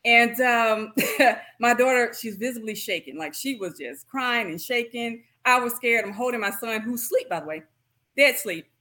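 Laughing, lively woman telling stories. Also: a little high, moderate pace. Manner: laughs at herself often, animated storytelling. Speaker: guest pelvic floor physical therapist. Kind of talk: casual interview chat.

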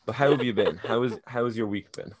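A man's voice: medium pitch, quick pace, background noise. Swearing man telling stories. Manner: swearing, self-deprecating storyteller. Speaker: podcast co-host. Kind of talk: casual chat and anecdote.

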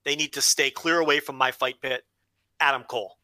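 Podcast co-host, playful and emphatic, bright voice, dry close recording. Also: medium pitch, fairly even intonation, a little fast, no echo. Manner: emphatic, playfully repeats catchphrases. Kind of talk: casual wrestling chat.

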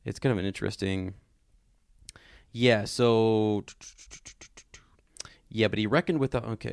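A man co-hosting a podcast, chatting about a book and reading passages aloud slowly and dramatically, laughing easily. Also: on the low side, clean tone, dry recording, clean studio sound. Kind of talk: casual book discussion with read-aloud passages.

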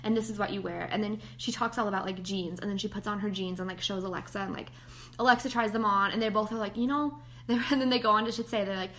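A woman co-hosting a podcast, chatting casually with lots of fillers and lively retellings. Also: mid-range voice, quick pace, slight background noise. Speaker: podcast co-host. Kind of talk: casual chat.

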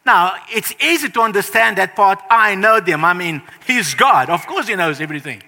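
A middle-aged man preaches to his congregation in a high, very bright and cutting voice. He is earnest and emphatic, repeating key phrases and slowing down to stress them. His voice trails off into the long reverb of a church hall. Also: lively intonation, creaky. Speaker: pastor. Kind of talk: sermon.

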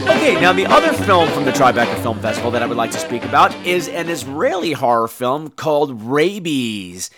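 A man's voice: mid-range voice, very animated, brisk, over loud music. A man hosting a podcast, reviewing a horror film in a casual, jokey and profane monologue.

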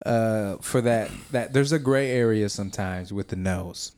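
A man's voice: lowish voice, unhurried, a little mellow, clean tone. A man in casual chat, talking loosely and profanely, rambling with restarts.

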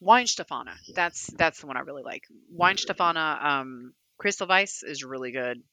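A woman's voice: low-pitched, lively intonation, normal speed, bright, forceful tone, no room sound. A woman with a Kentucky accent, a podcast guest in casual chat who laughs often and swears freely.

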